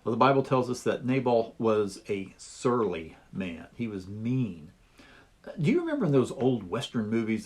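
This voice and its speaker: Male Bible teacher, husky voice, folksy and steady lesson delivery. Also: on the low side. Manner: folksy, measured explaining. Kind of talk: teaching over slides.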